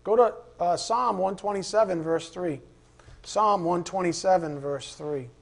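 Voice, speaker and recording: A man pastor giving a conversational sermon, rambling and informal, who flares into animated rants. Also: high-pitched, measured pace, gravelly.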